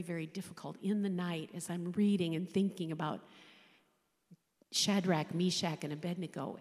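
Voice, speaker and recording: A woman in her sixties, a chaplain, giving an emotional personal faith testimony, speaking haltingly and often dropping to a whisper. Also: fairly low pitch, a little mellow. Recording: long hall reverb.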